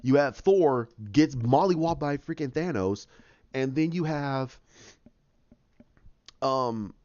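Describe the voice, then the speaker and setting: A man hosting a podcast, eagerly retelling a story in a fast, animated way with frequent restarts. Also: medium pitch, no room sound. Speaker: podcast host. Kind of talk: excited casual retelling. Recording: dull, dry lo-fi audio.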